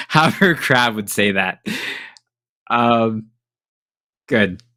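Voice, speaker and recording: Slow-talking, bright-voiced game master man. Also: on the low side, animated, no echo, studio quality. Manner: casual, hesitant, with many fillers and chuckles. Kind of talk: narrating a tabletop game.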